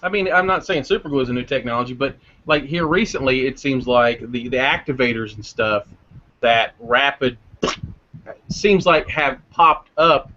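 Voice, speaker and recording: A man's voice: mid-range voice, normal speed, pushed and bright. A man co-hosting a casual podcast, joking around and rambling with restarts as he talks. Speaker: podcast co-host. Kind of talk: casual chat. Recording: dull lo-fi audio with faint noise.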